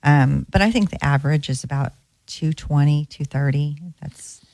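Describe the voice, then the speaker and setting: A woman's voice: low voice, normal speed, creaky, darkish tone, no room sound. A woman co-hosting a radio show about real estate, chatting casually with many fillers and restarts. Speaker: co-host, real estate broker.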